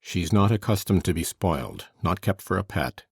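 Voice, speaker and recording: A surly, brooding landlord with a very low, husky voice, put on by a male audiobook reader. He growls out short, curt lines, loud and gruff. The voice sits dry and close, with no room around it. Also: expressive, moderate pace, dry recording, full character voice. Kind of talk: audiobook character voice.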